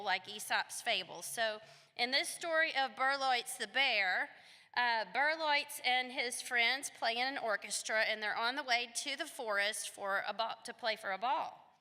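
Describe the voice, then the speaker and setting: Woman teacher, slightly high and bright, storytelling in an echoing hall. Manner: animated, asks the children questions. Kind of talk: storytelling to schoolchildren. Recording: long reverb of a hall.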